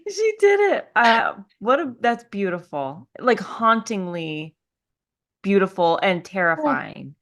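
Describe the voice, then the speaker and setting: A woman's voice: mid-range voice, big pitch swings, slow, fairly bright tone. A woman co-hosting a podcast, chatting casually and praising her guest, often restarting her sentences as she thinks aloud. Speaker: podcast co-host. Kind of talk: casual chat.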